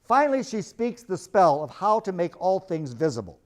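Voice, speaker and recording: A man's voice: sits high, sing-song, normal speed, darkish tone. A man giving a literature lecture, animatedly retelling a story and reading passages aloud.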